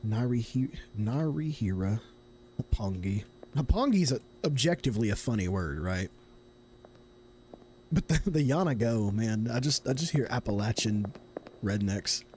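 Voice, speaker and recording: A man's voice: lowish voice, lively intonation, unhurried, a little mellow, a little hiss or hum. A young man from Tennessee streaming a horror game, chatting casually and thinking aloud in a rambling, self-correcting way. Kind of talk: casual live gameplay commentary.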